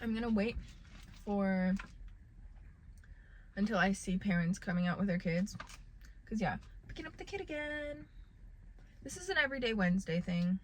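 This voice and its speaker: A woman's voice: mid-range voice, lively intonation, normal speed, pauses often. A young woman vlogging from a parked car, chatting casually in a rambling, self-deprecating way with lots of fillers. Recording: loud car and traffic noise.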